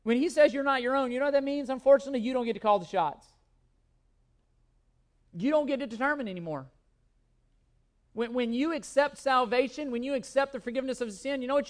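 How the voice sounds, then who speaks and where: A man's voice: extremely high pitch, brisk, long pauses. A man preaching a sermon as pastor, emphatic, often repeating words and asking rhetorical questions.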